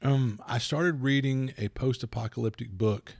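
A man co-hosting a casual podcast chat, rambling and animated, acting out little quoted voices, foggy from allergies. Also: medium pitch, moderate pace, vocal fry. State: addled by allergies. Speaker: podcast co-host.

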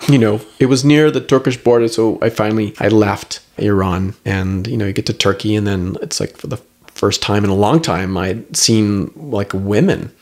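A middle-aged man with a fairly low voice tells a long personal story as a guest. His delivery is animated and rambling, full of "like" and "you know" as he pushes through the tale. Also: moderate pace. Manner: animated, rambling with many fillers. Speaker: guest, herbalist. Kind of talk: storytelling in conversation.

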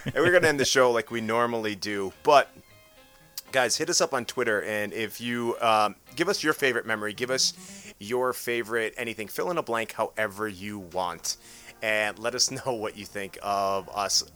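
A man's voice: on the low side, normal speed, sharp tone, faint music behind. A man hosting a casual podcast, chatty and full of restarts as he wraps up the show. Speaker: podcast host.

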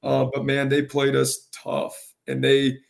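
A gravelly, carrying voice delivered in a monotone belongs to a high school soccer coach in a casual interview. He's earnest but halting, tending to repeat words.

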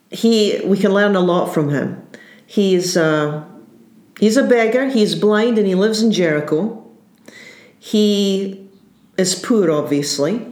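A woman preaches a sermon at an unhurried pace, earnest and searching, circling back to rephrase her points. Her voice sits low for a woman. The room around her is echoey and reverberant. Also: a little mellow. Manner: earnest, searching, restarts phrases. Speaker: pastor.

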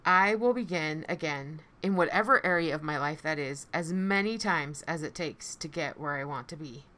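Woman podcast host and coach, low-pitched, forceful tone, heartfelt reflective solo talk. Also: normal speed. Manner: earnest, heartfelt, repeats phrases for emphasis. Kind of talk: personal reflective podcast monologue.

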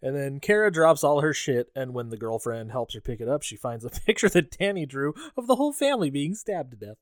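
A man's voice: mid-range voice, very animated, a little fast, no room sound, studio quality. A man co-hosting a podcast, recapping a movie in casual, profane, joking chat and acting out characters' lines. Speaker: podcast co-host.

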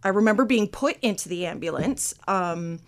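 A woman's voice: medium pitch, animated, normal speed. A woman, a podcast guest casually telling a vivid childhood story, laughing along the way.

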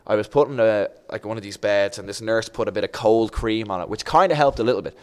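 A man's voice: fairly low pitch, fast talker. A young Irish man from Dublin, guest on a chat show, telling a long anecdote and acting out the voices in it. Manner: animated, acts out voices in his anecdote. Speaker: podcast guest. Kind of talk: casual storytelling.

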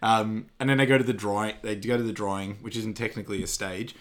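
A man's voice: lowish voice, fairly even intonation, fast. A man, co-hosting a podcast, recapping a film in casual chat, rambling and laughing often. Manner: rambling, laughs often, stumbles over words. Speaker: podcast co-host.

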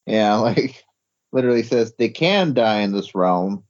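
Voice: medium pitch, expressive, a little slow, darkish tone, lo-fi sound. A podcast guest chatting casually about comics, hesitant and full of fillers. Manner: hesitant, many fillers, laughs along. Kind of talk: casual comic book discussion.

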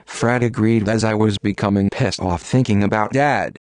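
A man giving a plain, steady first-person audiobook narration of literary fiction. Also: on the low side, normal speed, smooth, no echo.

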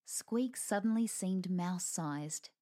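A woman's voice: lowish voice, slow pace, warm tone. A woman reading a lighthearted fantasy story aloud with wry narration.

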